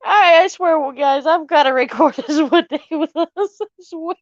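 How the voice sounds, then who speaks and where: In a high voice at a moderate pace, a woman talks casually to her viewers from home near her mother's room. She swears freely, laughs from the belly between phrases, and says "Lord have mercy" often, all on dull lo-fi audio without room sound.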